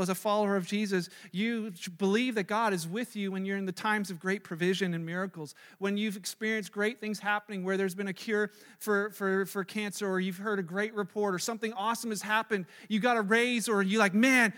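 A man preaching a sermon as a pastor, animated and acting out the voices he quotes, often repeating words as he presses a point. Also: high-pitched. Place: church sanctuary. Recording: long reverb of a large hall.

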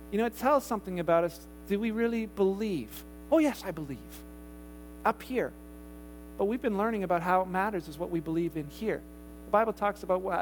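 A man's voice: high voice, slight background noise. A man preaching a sermon to a church congregation, talking casually and asking his listeners rhetorical questions. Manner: grows loud and animated in the story he tells. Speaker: pastor.

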